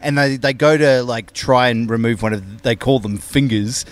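A man's voice: mid-range voice, steady tone, moderate pace. An enthusiastic man chatting casually about films with friends. He has a mid-range voice and swears freely. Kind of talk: casual film discussion.

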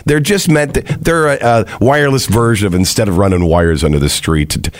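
A man's voice: on the low side, a little fast. A man hosting a morning radio show, playful and jokey with his co-host.

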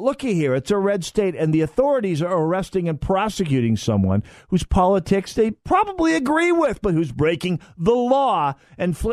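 A man hosts a talk radio show, riffing in a sardonic, mocking monologue full of uhs and sighs. His pitch swoops up and down animatedly. The studio sound is close and dry. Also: no echo. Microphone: studio microphone.

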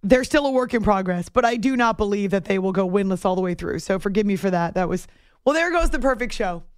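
A woman's voice: mid-range voice, animated, quick pace, clear, resonant tone, no room sound, studio quality. A woman hosting a late-night sports radio show, talking casually with sarcastic, self-mocking asides. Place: radio studio. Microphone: studio microphone.

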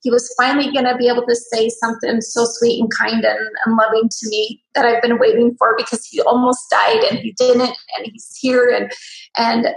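A woman interview guest telling a personal story in an animated way. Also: fairly high pitch, a little fast, vocal fry, roomy sound, rough recording. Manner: lively, acts out quoted voices.

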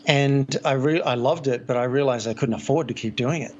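A man's voice: medium pitch, fairly quick, a little mellow. Australian man with American-tinged accent, dull lo-fi audio. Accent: Australian mixed with American. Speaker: life coach, guest. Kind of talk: conversational podcast interview.

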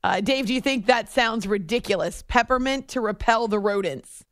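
A woman's voice: on the high side, moderate pace, no echo, clean studio sound. A woman from the Southern US hosting a talk radio show, chatting and laughing as she reads listener messages. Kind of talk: casual sports talk radio chat. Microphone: studio microphone.

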